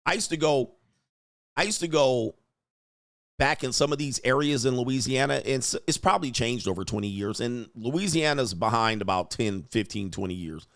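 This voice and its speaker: A man hosting a casual livestream, reading chat comments and telling stories in a profane, animated way. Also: medium pitch, moderate pace. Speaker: host of a livestream show. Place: home studio.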